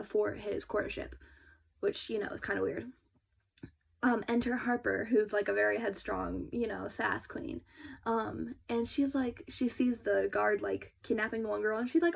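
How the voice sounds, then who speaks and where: A young woman reviewing books in a chatty, casual way, full of fillers and quick restarts. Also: on the high side, creaky. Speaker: book reviewer. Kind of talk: casual chat.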